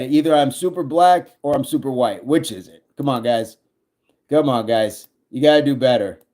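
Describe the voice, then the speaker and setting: A man chatting on his fitness livestream, reading viewer comments out loud and answering them. He keeps it playful and jokey, with an easy middle-pitched voice that bounces along between laughs. It sounds like a casual home stream on a webcam mic. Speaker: livestream host.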